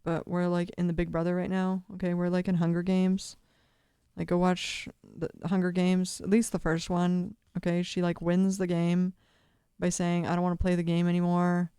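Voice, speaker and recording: A woman's voice: lowish voice, monotone, normal speed, dark tone, clear, resonant tone, no echo, studio quality. A woman giving casual, rambling video commentary, swearing constantly and laughing often.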